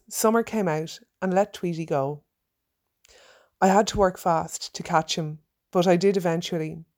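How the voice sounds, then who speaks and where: Woman telling a lively story. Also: lowish voice. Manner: lively, acts out her own shouted quotes. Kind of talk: personal story reading.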